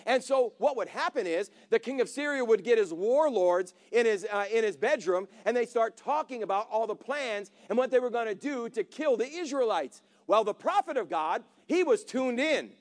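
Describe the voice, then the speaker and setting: A man preaching with a strikingly high-pitched voice. He tells the story with energy, acting out the characters and drawing the congregation in with questions. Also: moderate pace, hardly any pauses. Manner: animated, acts out characters, calls to congregation. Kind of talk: sermon storytelling.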